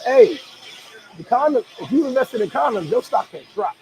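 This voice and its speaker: A man talks in a high, gravelly voice that swings widely in pitch. He chats casually as a vlogger, reacting to viewer comments. His delivery is animated and full of laughter and slang. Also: normal speed, slight background noise, rough recording. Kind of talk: casual chat.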